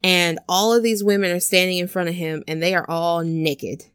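A woman's voice: fairly low pitch, fairly even intonation, moderate pace, fairly bright tone, clear, resonant tone, no echo, clean studio sound. A woman telling a story in casual chat, talking loosely with plenty of filler words and acting out the scenes she describes. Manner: chatty storyteller, many "like"s, acts out scenes. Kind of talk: casual chat recapping a film.

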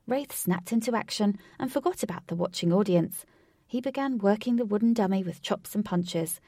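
A woman's voice: medium pitch, normal speed, dark tone, no room sound, studio quality, far from the mic. A woman narrating a fantasy story aloud, reading evenly.

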